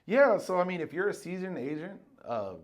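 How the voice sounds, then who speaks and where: A man guesting on a podcast, chatting casually as an insurance broker and telling animated stories with plenty of restarts. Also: sits high, normal speed. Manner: animated storyteller, acts out dialogue; frequent fillers and restarts. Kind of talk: casual chat.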